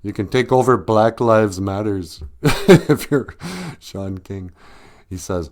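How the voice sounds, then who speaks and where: A man with a fairly low, slightly mellow voice speaks slowly and pauses often. He hosts a podcast as a casual, joking monologue, laughing a lot, breaking into bits of song, and putting on sarcastic mock voices for the people he quotes.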